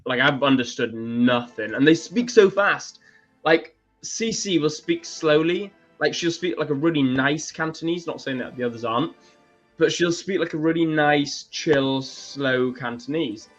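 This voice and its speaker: Animated, laughing man telling stories. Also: on the high side, unhurried, muffled recording, soft background music. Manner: animated storyteller, laughs often. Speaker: co-host. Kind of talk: casual chat. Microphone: video call or stream setup.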